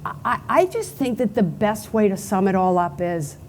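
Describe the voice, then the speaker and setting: A woman's voice: medium pitch, expressive, normal speed, few pauses, darkish tone, a little hiss or hum. A middle-aged woman with a Pennsylvania accent, giving an unscripted acceptance speech at a banquet, telling stories in a chatty way. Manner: chatty storytelling, acts out quotes. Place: banquet hall event.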